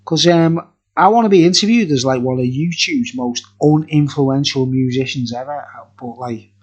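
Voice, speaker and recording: A man's voice: medium pitch, normal speed, darkish tone, breathy edge, muffled recording. A man, reviewing beer in a rambling, jokey, profane casual chat. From England.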